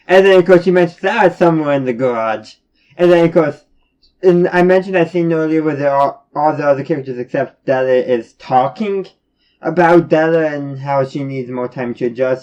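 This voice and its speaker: A man's voice: a little high, a little mellow, highs cut off. A man giving a casual spoken review, rambling along with many restarts and fillers. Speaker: reviewer of animated episodes.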